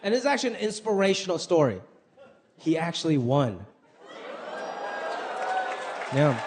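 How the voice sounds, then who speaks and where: A man doing a stand-up comedy routine, animated and acting out his mother's voice. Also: on the high side, measured pace. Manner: animated, acts out his mom's voice. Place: comedy stage before a live audience. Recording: live club with crowd and noise.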